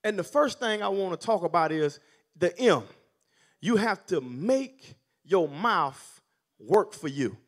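A man preaching with a high, very animated voice that climbs and falls dramatically. He calls for responses from the congregation and builds his delivery in waves. The tone is that of a pulpit. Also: slow. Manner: call-and-response preaching, rising to near shouting. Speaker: minister. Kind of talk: sermon.

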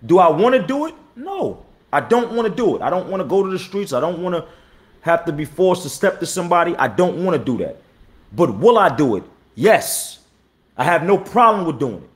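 A man in his thirties, a battle rapper hosting his own live stream. He talks blunt and profane, repeats himself and gives shout-outs to viewers, and says he is tired. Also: high voice, sing-song, brisk. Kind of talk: casual live-stream talk.

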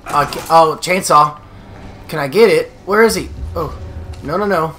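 A man giving let's play commentary on a horror game, swearing and yelling taunts at the enemy. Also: a little high, moderate pace, a little hiss or hum. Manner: profane, yells taunts at the enemy. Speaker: gaming video host.

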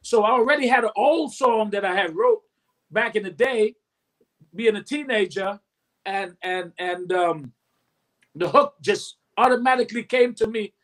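In an interview, a recording artist in his fifties tells his story in a high voice at a measured pace. He's an animated storyteller who acts out other people's lines and hums beats along the way.

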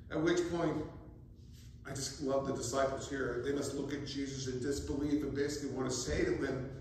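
A man preaching a sermon as pastor, telling the story in a lively way with humorous asides. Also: a little high, brisk. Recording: very echoey, distant mic, faint ambience.

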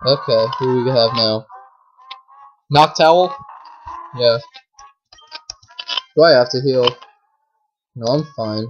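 A woman giving casual commentary while playing a game, chatty with lots of fillers, swinging from low mumbling to shrieking outbursts. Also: takes it slowly, pauses often, highs cut off, music in the background. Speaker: gameplay commentator. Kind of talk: casual let's play commentary.

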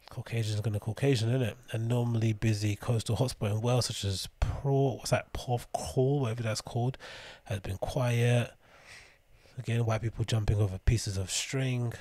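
A young man hosts his own podcast, rambling casually through solo commentary as he reads news aloud with sarcastic, swearing asides. His voice sits on the low side and is a little mellow, in a dry recording.

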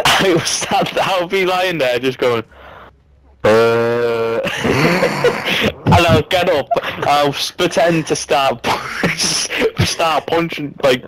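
A man's voice: a little high, takes it slowly, a bit bright, a little hiss or hum, poor audio. A young man in crude casual banter over a headset, swearing freely and laughing, blunt in how he talks. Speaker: friend in an online gaming chat.

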